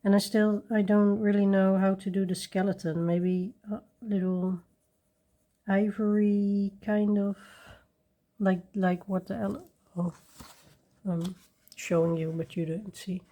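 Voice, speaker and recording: A woman hosting a coloring video, chatting casually and rambling softly while she works at her desk. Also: medium pitch, little pitch movement, a little slow. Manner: soft-spoken, rambling, with little laughs. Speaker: coloring channel host.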